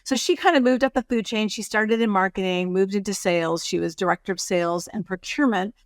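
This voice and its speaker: A woman in her sixties, a produce company executive, talking through her career in an unhurried, storytelling way as an interview guest. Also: mid-range voice, dry recording, clean studio sound. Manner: measured, storytelling. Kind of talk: casual interview conversation.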